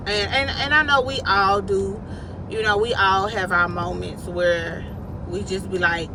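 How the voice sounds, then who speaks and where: A woman vlogger giving a casual, inspirational faith talk, repeating lines slowly for emphasis in slangy, everyday phrasing. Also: medium pitch, noisy background. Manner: slow, repetitive, preacherly emphasis.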